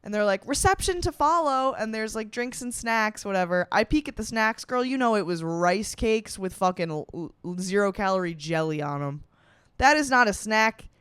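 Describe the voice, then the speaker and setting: A young woman telling a comic story on her podcast, brash and self-mocking, swearing freely and jumping up in pitch for quoted voices. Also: normal speed, a bit bright, smooth, dry recording. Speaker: podcast host.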